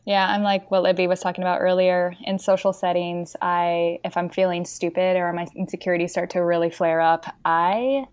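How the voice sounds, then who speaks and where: A woman on a casual podcast speaks frankly and with humor, often giving quick murmurs of agreement. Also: lowish voice, flat delivery, darkish tone, smooth, no room sound. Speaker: podcast co-host. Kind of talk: casual candid conversation.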